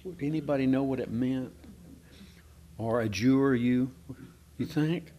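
A man's voice: medium pitch, a little slow, mellow. Conversational man teaching scripture. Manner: conversational, asks the room questions, hesitant with many fillers. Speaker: preacher. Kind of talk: informal Bible teaching to a small congregation.

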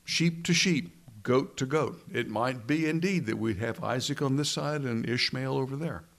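A male preacher delivering a sermon, talking it through with his listeners and posing questions. He speaks at an ordinary pitch and pace. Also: moderate pace, creaky, fairly bright tone. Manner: conversational teaching with rhetorical questions.

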